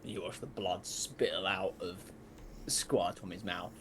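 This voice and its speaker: A man's voice: low voice, steady tone, slow, noisy background. A man running a tabletop role-playing game as game master, narrating bluntly and teasing his players.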